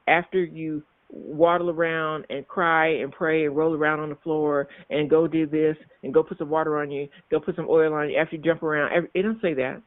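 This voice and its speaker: A man's voice: on the high side, normal speed, dry recording. Man preaching over a tinny line. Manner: repetitive, emphatic preaching with restarts. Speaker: minister. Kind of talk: sermon. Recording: tinny phone-like sound, dry.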